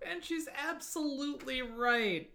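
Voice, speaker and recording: Podcast co-host, gushing, profane, word-stumbling, bright voice. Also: high voice, lively intonation, unhurried, gravelly. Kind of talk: casual chat.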